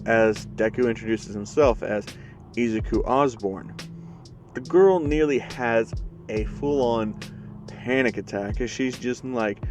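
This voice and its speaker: A man's voice: mid-range voice, a little slow. A man narrating a story in a loose, conversational way, full of fillers. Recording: music playing behind the voice.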